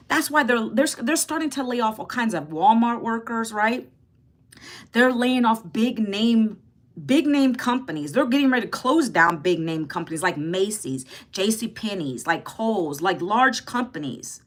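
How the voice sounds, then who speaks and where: A woman in her fifties from Northern Virginia, hosting a casual livestream, chatting with viewers and answering their comments. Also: on the high side. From Northern Virginia, United States. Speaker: livestream host. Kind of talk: casual livestream talk, reading chat.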